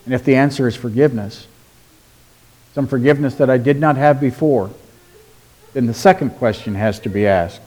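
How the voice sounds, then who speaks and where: A man preaching a sermon in a deliberate, emphatic way, asking rhetorical questions and dropping to a quiet voice for stress. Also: mid-range voice. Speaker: pastor.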